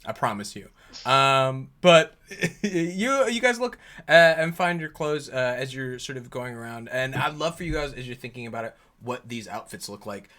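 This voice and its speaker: A man's voice: medium pitch, lively intonation, moderate pace, sharp tone. A man running a tabletop game as game master, joking and rambling with many fillers.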